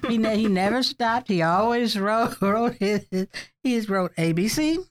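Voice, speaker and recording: A woman's voice: fairly high pitch, a little slow. An older woman in an oral history interview, recalling colleagues as a chatty storyteller who laughs often.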